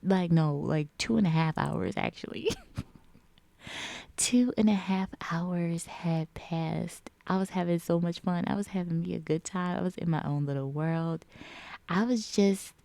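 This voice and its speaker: A woman's voice: fairly low pitch, moderate pace, vocal fry, warm tone, no echo. A woman in a casual reflective vlog chat, rambling with lots of filler words. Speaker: vlogger.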